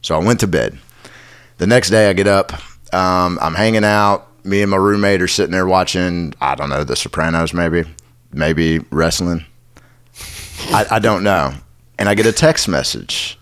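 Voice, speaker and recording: A man co-hosting a podcast, telling a personal story in a relaxed way with many restarts. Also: sits low, normal speed, smooth. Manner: relaxed storyteller, frequent restarts and self-corrections. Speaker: podcast co-host. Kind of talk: casual chat.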